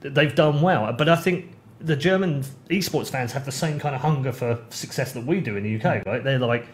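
An animated man chatting on a podcast. His voice is mid-pitched and jumps up sharply when he gets excited. A faint hiss sits behind him. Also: normal speed. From United Kingdom. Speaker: podcast host. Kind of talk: casual chat.

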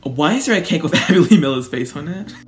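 A woman hosting a casual reaction video, talking in an animated way and laughing often. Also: low-pitched, brisk, over music.

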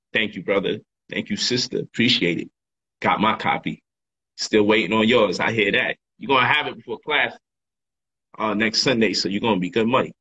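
A man's voice: on the low side, moderate pace, long pauses, bright, forceful tone, lo-fi sound, a little hiss or hum. A man hosting a casual livestream monologue, emphatic and repetitive in his talk, full of slang. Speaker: livestream host and author.

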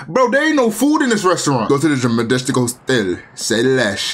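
A young man giving casual, joking commentary while playing a video game, prone to loud exclamations. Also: medium pitch, normal speed, hardly any pauses. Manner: excitable, joking, shouts and exclamations. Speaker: gaming video host.

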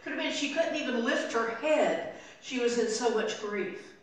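An older woman preaching a sermon as pastor, telling the story and voicing its people softly. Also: on the high side, moderate pace. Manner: storytelling, acting out voices softly in quotes. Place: church sanctuary. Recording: very echoey room, voice from far off.

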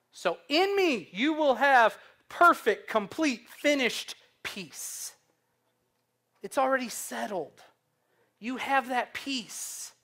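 A man's voice: high-pitched, fairly bright tone. A young man preaching a sermon, earnest and humorous, telling stories. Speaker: pastor.

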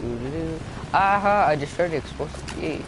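A man's voice: on the high side, lively intonation, normal speed, noisy background. A young man giving casual, joking gameplay commentary as a gaming YouTuber, rambling and mocking himself. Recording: loud game sounds behind voice.

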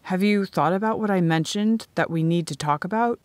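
Lady reading as an eager young guy in a storybook, low voice, dry sound. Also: a little fast, no room sound, close to an everyday voice. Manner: steady, low-pitched storybook dialogue. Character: eager earnest young man, a student suitor.

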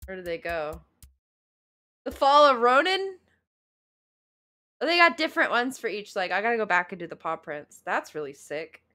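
A woman's voice: mid-range voice, sing-song, normal speed, pauses often, bright, forceful tone. A young woman streamer chatting playfully to herself and laughing often while playing a video game live.

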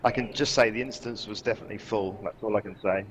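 A man's voice: on the low side, fairly even intonation, fast, a crowd in the background, low-quality recording. A man playing a game with friends, making dry, understated remarks. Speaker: fellow player. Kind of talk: casual game chat.

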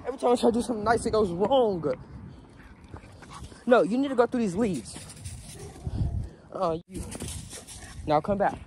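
A man's voice: high-pitched, normal speed, pauses often, a little mellow, poor audio. A man vlogging casually at an outdoor dog park, talking to his dog and his viewers on a handheld phone. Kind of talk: casual vlog chat. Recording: outdoor phone recording with clear background noise.

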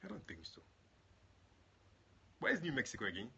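Bright-voiced male pastor chatting with viewers. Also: huge pitch swings, a little fast, vocal fry, husky, dull audio. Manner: chatty and affectionate, greets viewers by name, jumps to high exclamations. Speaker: prophet and pastor. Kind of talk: livestream prayer and chat with viewers.

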